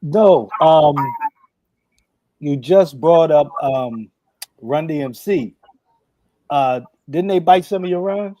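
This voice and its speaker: A man who talks slowly and a little high, halting over his words with fillers as he poses a question in a relaxed interview. The sound is close and dry. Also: no echo, low-quality recording.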